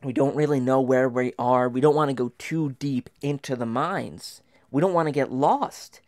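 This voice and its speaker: A man telling a comic, mock-terrifying story from his past, dropping to whispers and then rising into loud, frantic bursts. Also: medium pitch, moderate pace. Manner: dramatic, dropping to whispers and rising to near shouts.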